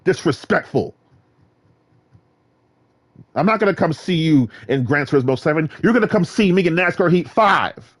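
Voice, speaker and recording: A man's voice: a little high, normal speed. A man from Virginia ranting and trash-talking in a casual gaming vlog monologue. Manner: animated, boastful, trash-talking. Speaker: gaming vlogger.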